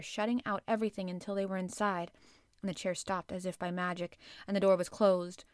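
Woman narrating an old kids book, calm, medium pitch, dry close sound. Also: no echo. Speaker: audiobook reader. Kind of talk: storybook narration.

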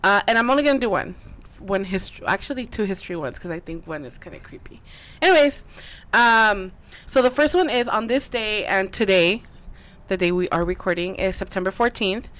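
A woman co-hosting a casual podcast, giggly and animated. She introduces segments in a relaxed, chatty way. Her pitch is average for a woman. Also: brisk, low-quality recording. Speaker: podcast co-host. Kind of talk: casual chat. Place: backyard.

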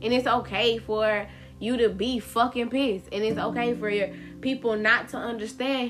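A woman's voice: on the high side, unhurried. A woman hosting a solo podcast, talking candidly and with plenty of profanity, her words running together. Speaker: podcast host. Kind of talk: casual solo podcast monologue. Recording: guitar music playing behind.

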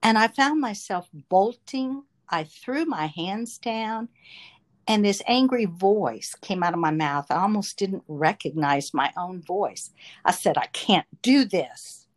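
A woman's voice: mid-range voice, lively intonation, takes it slowly. A woman telling a personal faith testimony in an earnest, emotional storytelling manner. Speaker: testimony speaker.

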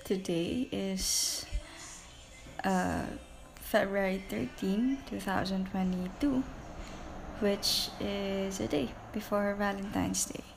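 A young Filipino woman with a Filipino accent, hosting a personal podcast, talking slowly and haltingly in a tearful state, mixing English and Tagalog. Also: medium pitch, creaky, music in the background. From Philippines. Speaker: podcast host.

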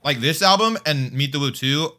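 Bright-voiced young man, rambling chat. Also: fairly high pitch, expressive, moderate pace. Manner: loose, rambling, with frequent restarts. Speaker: podcast co-host. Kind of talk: casual chat.

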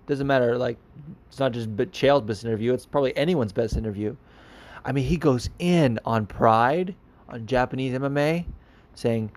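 Guy on his podcast, casual rambling, lots of likes and ums, mid pitch. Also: darkish tone. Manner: rambling, many fillers and restarts, laughs often. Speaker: podcast host. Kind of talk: casual chat answering listener questions.

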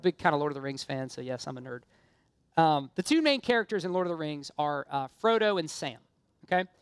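A woman's voice: sits low, big pitch swings, brisk, smooth, no room sound. A woman preaching a sermon, earnest and impassioned, mixing casual self-deprecating asides with emphatic appeals.

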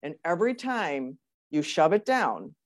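A woman's voice: sits low, sing-song, unhurried. A woman hosting a conversation, empathetic and encouraging toward her guest. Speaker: host. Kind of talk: conversational interview.

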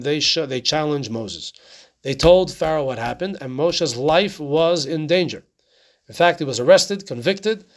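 Man, Torah teacher, casual class, slightly high voice, conversational, rhetorical questions. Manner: conversational, keeps asking "right?" and posing rhetorical questions.

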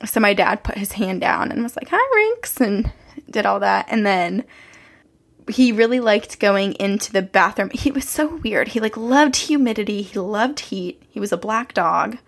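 Gravelly-voiced young woman spinning stories. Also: mid-range voice, moderate pace. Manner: chatty, rambling storyteller with frequent laughs. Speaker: podcast co-host. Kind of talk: casual chat, telling personal ghost stories.

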